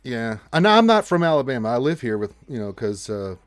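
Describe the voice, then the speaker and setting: A man's voice: medium pitch, sing-song, brisk, dry recording, faint music behind. A man from Texas hosting a casual gaming live stream, rambling loosely, joking and swearing as he reads out chat.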